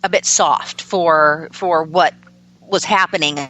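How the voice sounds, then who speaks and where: A woman appearing as a guest on a movie podcast, speaking in a measured, soft-spoken way with hesitant fillers. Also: low voice, steady tone, dull audio. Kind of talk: casual chat.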